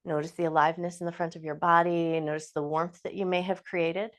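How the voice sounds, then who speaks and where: A woman yoga instructor with a slightly low voice, guiding a class through movement. She cues calmly and encouragingly, stretching out her phrases and easing the listener along. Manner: calm, encouraging cueing with slow drawn-out phrases.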